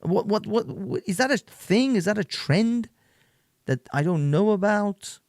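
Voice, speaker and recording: A man's voice: high voice, expressive, a little slow, a little mellow, no echo, studio quality. A man hosting an online stream, reacting to clips in a loose, rambling rant full of repeats and laughs. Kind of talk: casual ranting commentary.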